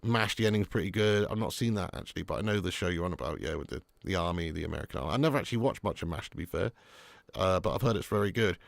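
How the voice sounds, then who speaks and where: A young man hosting a live football watch-along, chatting casually and answering viewer comments between bursts of excitement at the match. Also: sits low, racing, gravelly, dry recording.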